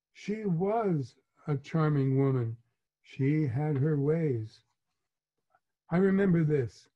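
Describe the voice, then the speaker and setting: A man in his eighties, an author reading his memoir aloud in a measured, reflective way. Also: on the high side, warm tone. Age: 80s. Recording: muffled lo-fi recording.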